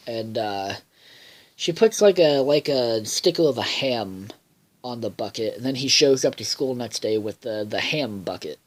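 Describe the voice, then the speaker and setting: Profane, rambling man recapping a cartoon. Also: medium pitch. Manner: profane, filler-heavy, loses his train of thought. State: tired. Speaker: cartoon episode reviewer.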